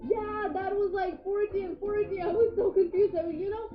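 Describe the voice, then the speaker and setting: A woman's voice: very high voice, steady tone, fairly quick. A woman hosting a live game show, announcing results upbeat and greeting players by name. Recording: roomy, dull studio sound with music. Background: music.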